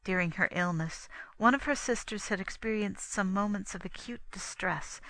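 A woman narrating an audiobook in a measured, even reading. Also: medium pitch, no echo, rough recording. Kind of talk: scripted narration.

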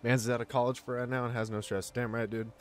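A young man livestreaming a game, chatting casually with his viewers, excitable and swearing freely. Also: medium pitch, quick pace, slight background noise. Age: young adult. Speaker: gaming livestreamer. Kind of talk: casual live-stream chat.

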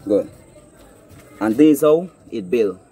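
A man's voice: medium pitch, lively intonation, takes it slowly, dark tone, slight background noise. Guyanese man explaining a trap outdoors. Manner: explains step by step, often asks "you understand me?". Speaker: hunting vlogger. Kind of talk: casual outdoor demonstration. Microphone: phone camera.

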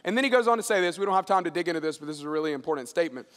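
A middle-aged man with a fairly high voice delivers a sermon. He tells stories in a loose, conversational way and drops into a lower voice to act out the people in them. The sound carries a long reverb from a large hall. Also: very fast. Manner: animated storyteller acting out dialogue in a lowered voice. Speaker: pastor. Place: large church auditorium.

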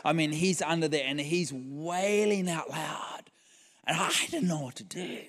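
A man's voice: fairly high pitch, measured pace. A man preaching a storytelling sermon at a church event, acting out the dialogue of the people in his story. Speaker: guest preacher. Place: large church hall. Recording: long hall reverb.

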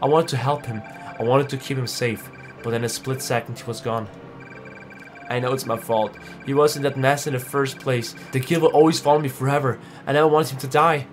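A man voicing a guilt-ridden, remorseful companion who speaks softly and pleads, reading game dialogue aloud. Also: medium pitch, fairly even intonation, brisk, music in the background, lightly acted. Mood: pleading. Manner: soft, pleading, downcast.

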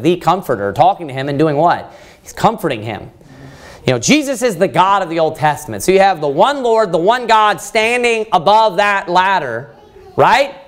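A man leading a Bible study sermon, reading scripture aloud and asking his listeners questions. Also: fairly high pitch. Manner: animated, quotes scripture, asks the room questions.

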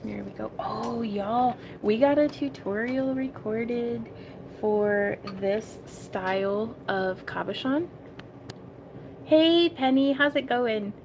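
A woman's voice: fairly high pitch, slow, background noise. A woman hosting a casual crafting tutorial livestream from her home craft room. She chats with viewers, giggles often and calls them y'all.

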